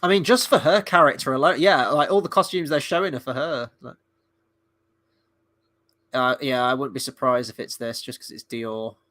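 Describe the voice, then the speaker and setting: A man hosting a live movie-night stream, chatting casually and excitedly and swearing freely. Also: mid-range voice, normal speed, no echo. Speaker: livestream host and movie reviewer. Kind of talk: casual live watchalong commentary.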